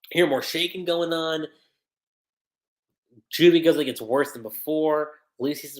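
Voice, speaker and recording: An anime reviewer giving a casual episode recap on a livestream, reading the characters' lines aloud between quick asides. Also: medium pitch.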